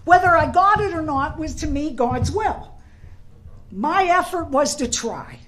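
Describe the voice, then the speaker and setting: A woman from Pittsburgh giving a personal recovery talk, animated and laughing, shouting at peaks, then soft and earnest. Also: high voice, a little slow, poor audio. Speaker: recovery meeting speaker. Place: convention hall.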